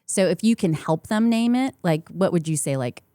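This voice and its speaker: A woman's voice: lowish voice, expressive, normal speed, dark tone, no echo, studio quality. A woman co-hosting a podcast, chatting casually and asking questions. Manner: conversational, questioning. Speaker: podcast co-host, coach.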